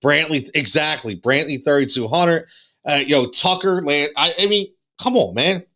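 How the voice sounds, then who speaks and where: A man hosting a fantasy sports live show, excitable and repetitive, with many fillers and restarts, saying he is losing his voice. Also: a little high, moderate pace. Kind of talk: excited live-stream chat.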